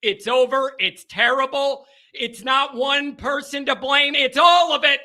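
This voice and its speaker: A man hosting a post-game football call-in show, ranting and often shouting. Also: very high voice, fairly even intonation, unhurried. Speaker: sports talk show host.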